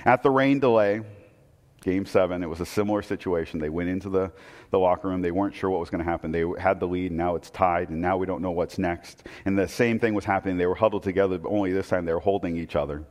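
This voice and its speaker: A man preaching a sermon, telling a story that swings between loud excitement and hushed, intense moments. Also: sits low, fast. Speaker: pastor. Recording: long hall reverb.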